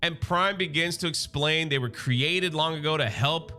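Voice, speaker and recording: Man, bright forceful voice, slightly high, excited casual comic recap, slangy, faint music behind. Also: moderate pace. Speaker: comic book reviewer.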